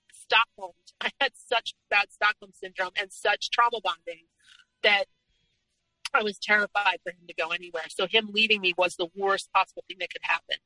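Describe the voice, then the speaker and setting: A woman's voice: medium pitch, pushed and bright, no echo, poor audio. A woman speaking as an interview guest, telling her personal story frankly and candidly in conversation.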